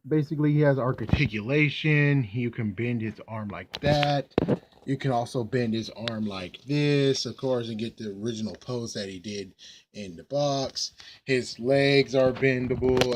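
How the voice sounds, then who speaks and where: Young male toy reviewer, casual and rambling, lots of asides, average pitch. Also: background noise. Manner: chatty and rambling, many fillers and asides.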